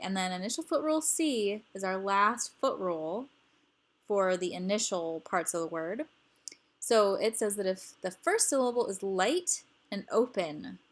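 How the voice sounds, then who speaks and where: A woman teaching grammar rules, explaining patiently and repeating each example word. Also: mid-range voice.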